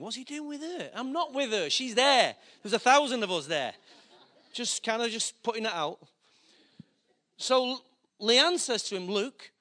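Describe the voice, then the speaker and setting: A man preaching, telling a story with acted-out dialogue and plain emotion. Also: high-pitched. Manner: animated, acts out dialogue, gets emotional. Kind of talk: sermon storytelling.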